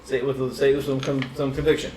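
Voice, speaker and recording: A man's voice: mid-range voice, flat delivery, quick pace, darkish tone, slight background noise. A man narrating a tabletop game as dungeon master, casual and coaching his players. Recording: echoey room, distant mic.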